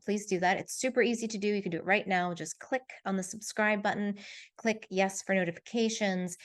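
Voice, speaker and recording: Woman herbalist host, mid-pitched, friendly and explanatory, casual teaching tone. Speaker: clinical herbalist and podcast host. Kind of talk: casual spoken herbal lesson.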